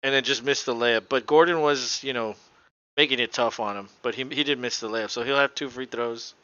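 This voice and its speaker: A man calls a basketball game live in a casual, offhand way and swears freely. His voice is bright and close. The recording is dry and dull, typical of a lo-fi home mic. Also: medium pitch, steady tone, brisk, smooth, no room sound. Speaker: podcast co-host. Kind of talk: casual live play-by-play commentary.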